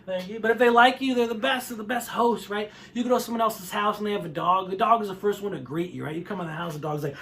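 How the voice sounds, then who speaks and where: A man performing a stand-up set, animated, often laughing and acting out voices. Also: high voice, quick pace, slight background noise. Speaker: stand-up comedian.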